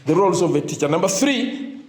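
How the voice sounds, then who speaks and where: A high-pitched man gives a motivational talk to teachers, his voice swinging up and down a lot. He leaves his sentences hanging with "what?" so the listeners can fill in the word, and now and then he drops into Luganda. He was recorded in an echoey room. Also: lively intonation, fairly quick. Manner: call-and-response, asks "what?" for the crowd to fill in; mixes in Luganda phrases. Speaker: motivational speaker.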